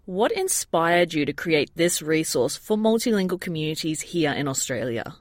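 A female interviewer asks a broadcast question in a composed, clearly phrased way. Her voice sits low, and the recording is dry with no room sound. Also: very animated, moderate pace, no room sound.

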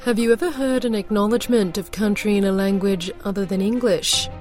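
A female news presenter reads a scripted introduction in a measured, formal delivery at a middle pitch. A music bed plays clearly under her voice throughout. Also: fairly even intonation.

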